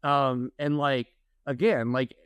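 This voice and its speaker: A man's voice: mid-range voice, takes it slowly, clean tone, no echo. A man from Oklahoma, a podcast co-host telling stories in casual chat. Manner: storytelling, animated.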